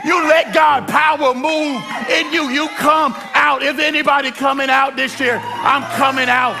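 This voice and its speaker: A man preaching an energetic sermon at a church service. He shouts, stretches his words for emphasis and speaks straight to the congregation. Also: very high voice, unhurried, vocal fry, music in the background, a crowd in the background. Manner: addresses the congregation directly. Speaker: pastor.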